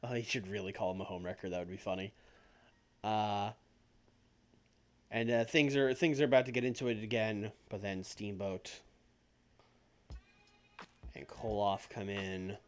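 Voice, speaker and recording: A man's voice: fairly low pitch, fairly even intonation, a little slow, pauses often. A man streaming a game, talking casually and offhand, thinking aloud and swearing now and then. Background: faint background music.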